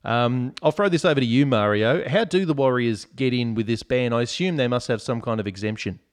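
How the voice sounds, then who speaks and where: A man's voice: mid-range voice, brisk. An Australian man hosting a casual sports podcast, joking and reading out listener comments. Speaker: podcast host.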